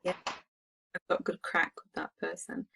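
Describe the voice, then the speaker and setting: A woman's voice: a little slow, sharp tone, slight background noise. A woman from England with an English accent, chatting casually about language as a guest teacher and thinking aloud as she goes.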